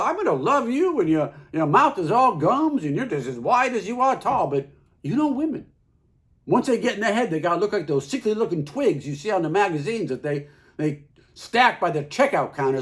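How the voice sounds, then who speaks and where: A man performing a theatrical monologue as a plain-spoken husband, folksy and halting, with many repeats. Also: high-pitched, very animated, a bit bright. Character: Carl, plain-spoken middle-aged husband.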